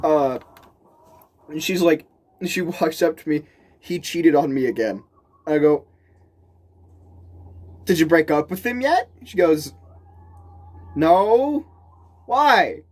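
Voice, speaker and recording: A man's voice: on the high side, slow, pauses often. A man telling a story casually, rambling and restarting sentences, laughing often and acting out the people he quotes. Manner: animated, voices the people he quotes.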